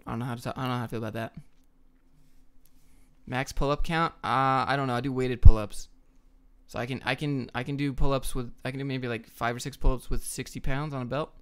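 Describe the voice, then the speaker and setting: A young man hosts a casual livestream, answering viewer questions in a blunt, joking, offhand way. His voice is smooth and clear at a middle pitch. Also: fairly even intonation, fairly quick, fairly bright tone. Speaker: livestream host.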